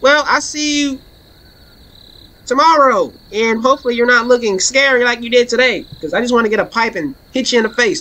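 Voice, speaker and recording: A woman streaming a horror game, commenting in a playful, slangy, trash-talking way and breaking into excited shouts. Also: fairly high pitch, a little fast. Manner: excitable, bursts into laughing shouts. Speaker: gaming streamer. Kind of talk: let's play commentary.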